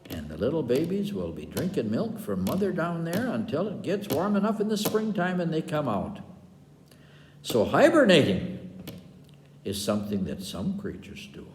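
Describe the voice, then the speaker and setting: A man's voice: a little high, sing-song, normal speed, a little hiss or hum. An older man from Wisconsin tells folksy stories for children, rambling along with chuckles and asides. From Wisconsin, USA. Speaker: storyteller. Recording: echoey room with long reverb.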